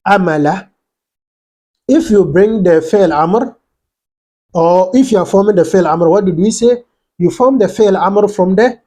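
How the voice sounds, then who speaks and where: Mellow-voiced man teaching grammar. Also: high-pitched. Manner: reads short quotes then explains them in simple steps; drills the sounds of letters aloud. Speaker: Arabic teacher. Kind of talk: explaining a grammar text line by line.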